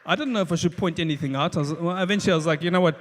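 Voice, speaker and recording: A South African man with a slightly raised pitch performs stand-up, stumbling through restarts and slipping in deadpan asides. His voice carries a long reverb from a live venue. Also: racing, a little hiss or hum. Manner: rambling storytelling with many restarts and dry asides. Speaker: stand-up comedian. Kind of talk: stand-up comedy routine. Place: stage of a live show venue.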